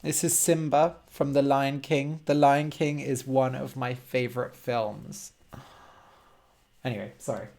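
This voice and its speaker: A man's voice: medium pitch, fairly even intonation, vocal fry, darkish tone. A man teaching English on a live stream, explaining words patiently and checking in with frequent "okay?". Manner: slow, simple, encouraging explanations with frequent "okay?". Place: home room.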